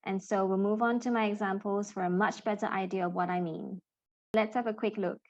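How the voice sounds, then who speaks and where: A woman in her thirties teaching an English pronunciation lesson, speaking deliberately and enunciating each model sound clearly for learners to repeat. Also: medium pitch, steady tone, a little mellow, lo-fi sound. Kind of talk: slow, careful pronunciation lesson with drills.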